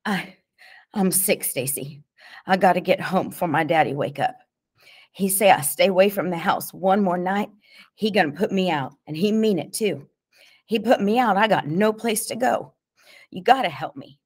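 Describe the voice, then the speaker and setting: A woman voicing a frightened, injured teenage boy who pleads and stammers in gasping, halting whispers. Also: on the low side, lively intonation, breathy edge. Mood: pleading.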